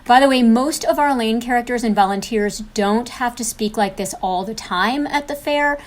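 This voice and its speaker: A woman's voice: a little high, moderate pace. Encouraging female instructor, upbeat delivery. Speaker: co-host and instructor. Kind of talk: scripted instructional video.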